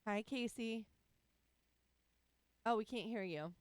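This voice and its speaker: Upbeat woman with a smooth voice. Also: a little high, takes it slowly, darkish tone, no echo. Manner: upbeat, encouraging. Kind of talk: casual chat.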